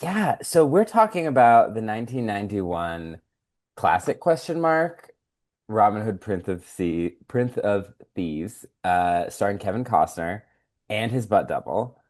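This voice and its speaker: A man with a lowish voice hosts a podcast in a relaxed, chatty way. He jokes, throws in quick asides and laughs often. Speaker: podcast host. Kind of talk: casual chat.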